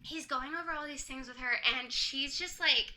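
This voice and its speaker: A woman's voice: sits high, normal speed, low-quality recording. A young woman casually recapping a book on a podcast, animatedly acting out the characters' lines. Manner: animated storytelling, acts out quotes. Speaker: podcast co-host.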